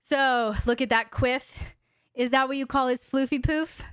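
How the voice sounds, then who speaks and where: A woman's voice: sits high, steady tone, measured pace, a bit bright, clear, resonant tone, no echo, studio quality. A woman hosting a live question-and-answer stream from home, talking frankly and casually into a desk microphone. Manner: chatty, frank, talks to her dog in baby talk.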